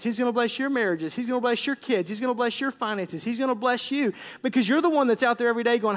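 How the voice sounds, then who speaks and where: High-voiced preaching man in a reverberant hall. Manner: animated preaching, swings from loud to hushed. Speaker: pastor. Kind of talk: sermon. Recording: long reverb of a large hall.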